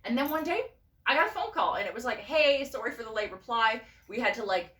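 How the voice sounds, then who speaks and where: A woman's voice: on the high side, fairly quick. A woman telling a story in a casual vlog, swearing freely and acting out the voices of the people she quotes. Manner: animated, profane, acts out quoted voices. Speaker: vlogger and costume designer. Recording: roomy and a bit distant from the mic.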